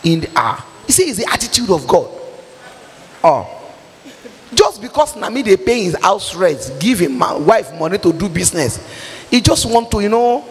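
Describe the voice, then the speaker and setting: A woman with a Nigerian accent preaching a sermon, exhorting forcefully and breaking into pidgin and shouts. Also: medium pitch, big pitch swings, normal speed, long reverb tail, faint music behind.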